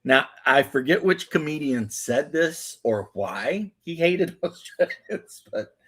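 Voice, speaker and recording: A man's voice: fairly high pitch, expressive, slow pace, a bit bright, breathy edge. A man hosting a casual chat while he paints, rambling and joking. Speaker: host.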